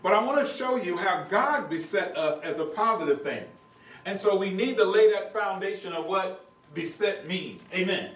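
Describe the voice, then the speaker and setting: A man preaching a sermon, reading scripture slowly and then explaining it. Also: high voice, a bit bright, recorded from a distance. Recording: echoey room, mic from afar.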